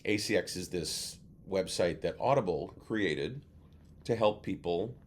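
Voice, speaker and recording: A man, a guest actor and voice-over coach, telling lively anecdotes in a casual interview over a video call. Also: low-pitched, measured pace, a little hiss or hum. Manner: animated anecdote teller who acts out other voices.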